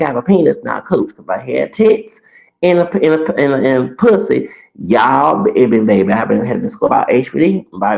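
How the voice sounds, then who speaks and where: Sassy and profane, a late-thirties man launches into a ranting personal story, often restarting. His voice is a little high and creaky, and the audio sounds roomy and dull.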